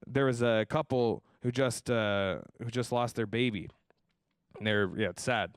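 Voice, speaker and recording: A young man hosting a stand-up comedy show, telling deadpan self-deprecating jokes and slipping into voices for the people he quotes. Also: medium pitch, unhurried, clear, resonant tone, dry recording, studio quality. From Tucson, Arizona area. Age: young adult. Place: comedy stage before a live audience.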